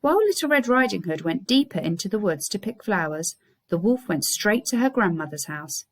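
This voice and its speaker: Reading a fairy tale aloud to her pupils, this English primary school teacher keeps a brisk pace, her mid-range voice full of storyteller expression.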